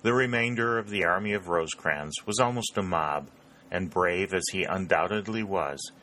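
A man reading an audiobook in a measured, even narration. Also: sits low.

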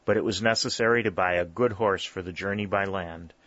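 A man narrating a story in a steady, measured reading. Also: sits low, no echo. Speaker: audiobook narrator. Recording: dull, lo-fi dry recording.

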